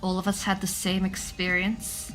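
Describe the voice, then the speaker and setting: A woman's voice: mid-range voice, completely flat delivery, normal speed, music in the background, natural voice, poor audio. A woman voicing a bewildered teenage student, reading game dialogue aloud in her own voice, earnest and stammering. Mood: wary.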